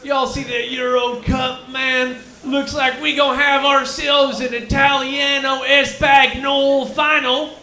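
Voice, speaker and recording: A man's voice: extremely high pitch, little pitch movement, slow pace, sharp tone, full character voice. A man voicing a crude, stoned male Texan cobra with a put-on Texan drawl, rambling and whooping in a live stand-up character bit. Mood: stoned rowdy. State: claims to be high, cotton mouth. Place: comedy lounge stage, live. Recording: roomy live club room.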